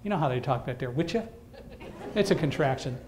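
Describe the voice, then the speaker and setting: A man giving a talk to an audience, telling a story in a lively way with dry humor and acting out the lines of people in it. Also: medium pitch, racing. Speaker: guest speaker.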